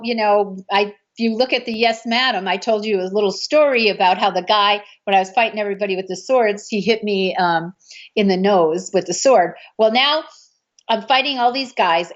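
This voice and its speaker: A woman telling an anecdote about a film shoot. She acts out what other people said. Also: medium pitch. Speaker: martial arts film actress recounting a film shoot. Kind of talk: anecdotal storytelling. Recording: dull lo-fi recording.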